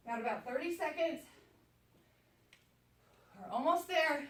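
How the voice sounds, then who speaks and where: Higher-pitched woman coaching a workout. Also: moderate pace, long pauses. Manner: chatty, encouraging, counts down reps. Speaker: fitness instructor. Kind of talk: workout coaching while exercising. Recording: echoey room, voice from a distance.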